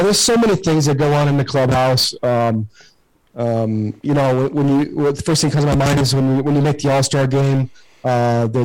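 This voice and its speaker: A man's voice: mid-range voice, darkish tone, low-quality recording. A man in his forties, a former baseball player, telling locker-room stories casually with lots of fillers and swearing. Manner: rambling, filler-heavy, swears freely. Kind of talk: casual storytelling.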